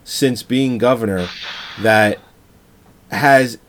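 A man talking casually about movies, relaxed and enthusiastic, swearing freely. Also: mid-range voice, takes it slowly, slight background noise.

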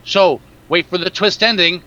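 A man's voice: high voice, fairly even intonation, moderate pace, sharp tone, muffled recording. A man in casual film chat, blunt and sarcastic, with frequent swearing.

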